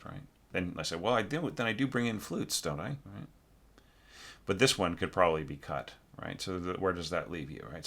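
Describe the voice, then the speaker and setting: A man teaching orchestration, giving a relaxed score critique full of fillers and self-corrections, now and then singing phrases on nonsense syllables. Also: deep voice. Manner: relaxed, thinks aloud, sings phrases with syllables.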